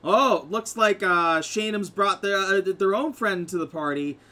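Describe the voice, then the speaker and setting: A man's voice: sits high, a little slow, bright, forceful tone. A man voicing a showy, upbeat arena announcer with a brash, cheerful manner.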